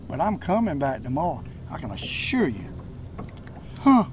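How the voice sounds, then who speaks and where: Folksy older Southern man fishing outdoors. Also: high voice. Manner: folksy, chatty, bursts into excited exclamations. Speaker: fishing vlogger. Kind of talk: casual talk to camera while fishing. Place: outdoors on a boat on a lake. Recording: outdoor background noise on a lake.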